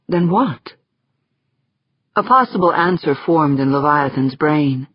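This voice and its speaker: A woman narrating a science-fiction audiobook in a measured, steady storytelling manner. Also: deep voice, slightly rough, no room sound. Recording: slightly dull, dry audiobook recording.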